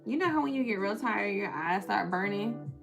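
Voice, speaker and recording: A woman's voice: medium pitch, expressive, moderate pace, vocal fry, over music. A young woman with a Southern US accent, tired, chatting on a live stream, reading the chat aloud and laughing often.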